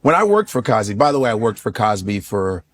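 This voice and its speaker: A man, a comedian guest on a podcast, telling stories in an animated way. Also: on the low side, brisk. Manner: animated storytelling with slips into voices. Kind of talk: podcast interview.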